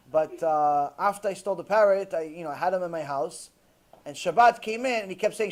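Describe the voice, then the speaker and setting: A rabbi giving a lecture, telling a story in a lively storytelling manner and mixing in Hebrew terms. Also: male voice, on the high side, brisk.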